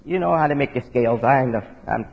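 A preacher with a medium-pitched, creaky, husky voice talks quickly. His sermon is folksy, with words spelled out, frequent check-ins with listeners and rhetorical asides ending in "right?". It's captured in dull lo-fi audio with a long hall reverb.

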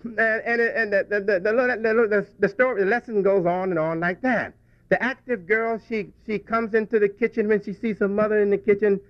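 A preacher speaks in a high, steady voice at a moderate pace, sharing a childhood story with his congregation in a folksy, restart-heavy way. The reflective talk is captured dry and echo-free on a dull lo-fi recording.

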